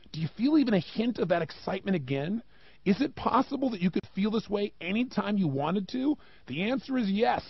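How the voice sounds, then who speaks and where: Animated gravelly motivational speaker, man. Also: sits high, no echo, muffled recording. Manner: rhetorical questions, emphatic and animated. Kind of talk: motivational talk.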